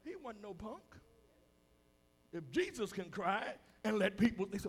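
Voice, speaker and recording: A man preaching a sermon to a congregation, dropping to a hush and then rising loud again, acting out the voices of the people he quotes in a folksy way. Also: high voice, sing-song, measured pace. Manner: preaching with sudden swings between hushed and loud. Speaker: pastor. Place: church hall with a congregation.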